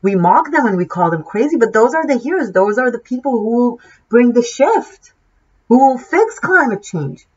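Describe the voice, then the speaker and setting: A woman's voice: a little high, very animated, normal speed, a little mellow, breathy edge. A woman tarot reader giving an impassioned, preachy monologue, swearing freely and restarting her sentences often. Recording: dull lo-fi sound.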